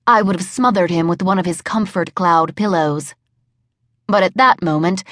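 A woman's voice: on the low side, no room sound. A woman giving wry, comic first-person audiobook narration in a studio. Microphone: studio microphone.

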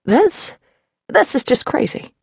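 A woman's voice: sits high, very animated, takes it slowly, gravelly, darkish tone, dry recording, studio quality, voice pushed up, exaggerated voice. A woman voicing a fiery, defiant young rebel woman in an audiobook, speaking raised and emphatic. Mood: exasperated.

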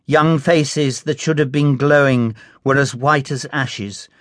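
A man reads a classic novel aloud in a measured, unhurried manner. His voice sits at a middle pitch and moves at a slow, careful pace. The recording is close and dry, with no room sound. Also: no echo. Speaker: audiobook narrator. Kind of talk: scripted narration.

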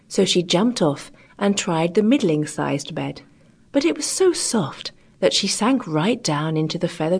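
A woman narrating a children's audiobook in a gentle, expressive reading with character voices. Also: on the low side, slightly rough.

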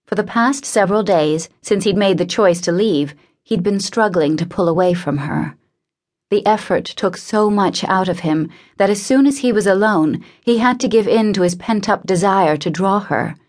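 A woman reading a novel aloud in a measured, intimate narration. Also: mid-range voice, darkish tone. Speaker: audiobook narrator. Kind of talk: scripted narration.

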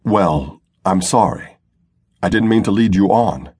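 Male narrator as a resigned, worn-out governor; very low and husky. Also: measured pace, dark tone, no room sound, studio quality. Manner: tired, resigned. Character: weary, brooding male planetary governor. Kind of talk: audiobook narration.

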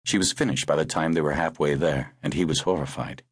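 A man narrating a thriller audiobook in a measured, expressive way. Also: very deep voice, breathy edge, no room sound, studio quality. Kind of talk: scripted narration.

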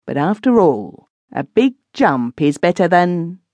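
A woman voicing a scheming middle-aged housekeeper in an audiobook, dry and quietly menacing. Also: fairly low pitch, big pitch swings, a little slow, no echo, pitched above the performer's own voice. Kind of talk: audiobook reading.

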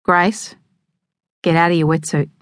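A calm, firm father, as a woman narrator reads him speaks slowly and steadily, holding his ground. The voice sits fairly low and the sound is close and dry, as in a storybook reading. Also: no room sound, lightly acted.

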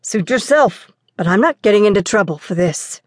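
A woman's voice: mid-range voice, lively intonation, moderate pace, dry recording, clean studio sound, lightly acted. A woman doing a cautious boy prince. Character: cautious responsible boy prince, older brother.

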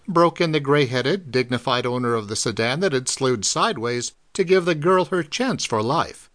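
Guy reading an old pulp story, super animated, voice goes up and down a lot. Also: medium pitch, moderate pace, hardly any pauses. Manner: dramatic, expressive reading. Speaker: audiobook narrator. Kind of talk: scripted narration of pulp fiction.

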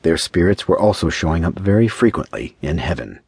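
A man narrating a short-story audiobook in a measured, even storytelling manner on a close studio mic. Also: deep voice, slightly rough, dry recording. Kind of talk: scripted narration.

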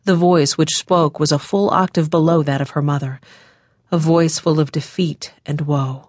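Low-voiced woman narrating an audiobook. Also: fairly even intonation, a little mellow, no echo, studio quality. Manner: measured, emotive storytelling. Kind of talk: scripted narration of a historical novel.

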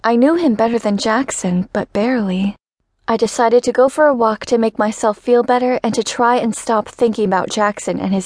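A woman narrating a first-person romance audiobook in an even, measured reading voice. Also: medium pitch, no room sound, clean studio sound.

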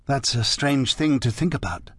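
A man's voice: medium pitch, animated, normal speed, breathy edge, no room sound, studio quality, voice pushed up. A male narrator voicing a timid, earnest young Englishman, speaking in a raised, eager, somewhat anxious way. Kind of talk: audiobook character reading.

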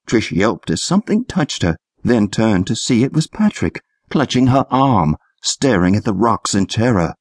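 Male narrator for a kids' adventure audiobook, lively reads, slightly husky, dry studio sound. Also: on the low side, normal speed, hardly any pauses, no room sound. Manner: lively, expressive storytelling. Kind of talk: scripted narration for children.

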